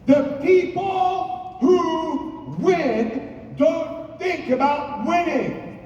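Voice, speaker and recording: A man's voice: extremely high pitch, extremely slow, a little mellow, highs cut off, a little hiss or hum. A man giving a motivational stage speech to a live audience, talking emphatically, repeating points and rallying the crowd. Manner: emphatic, repetitive, rallies the audience. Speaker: motivational speaker. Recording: echoey hall, distant mic, crowd.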